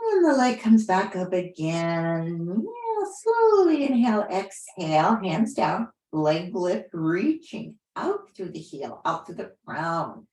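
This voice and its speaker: Soft-spoken lady leading yoga, slow and lowish, roomy echo. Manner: gentle, unhurried cueing with soft affirmations. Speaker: yoga teacher. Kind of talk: guiding a yoga class. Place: class room.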